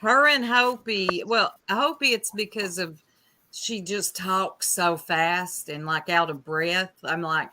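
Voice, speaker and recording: A woman's voice: fairly low pitch, slow pace, sharp tone, a little hiss or hum. A woman hosting a casual online panel chat, talking freely and laughing often. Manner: chatty, laughs often, says "y'all".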